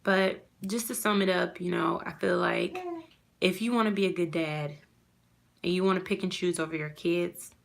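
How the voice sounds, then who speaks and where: A mother vlogging about losing custody pours out a heartfelt, rambling rant to the camera, packed with "you know" fillers. Her voice sits on the low side and is creaky, with a steady tone and a moderate pace.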